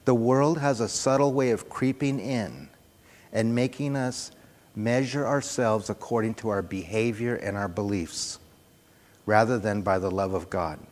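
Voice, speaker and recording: Soft-spoken preacher in a reverberant hall. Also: male voice, fairly low pitch, a little slow. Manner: soft-spoken, earnest, repeats phrases for emphasis. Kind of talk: sermon. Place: church hall with sound system. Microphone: handheld or stand microphone on a PA.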